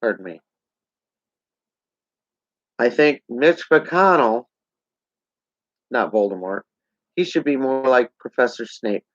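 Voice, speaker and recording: Man, vlogger ranting to camera: slow, sarcastic, heated, dry dull sound. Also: medium pitch, lively intonation, fairly bright tone, dry recording. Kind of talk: political rant to camera.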